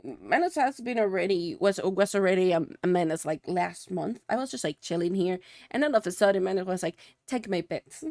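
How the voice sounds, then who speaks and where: A woman's voice: on the low side, vocal fry, a little mellow, no echo, studio quality. A young woman, a Spanish native speaker, chatting casually with her livestream viewers and filling her sentences with "like". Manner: chatty, many "like" fillers, answering chat.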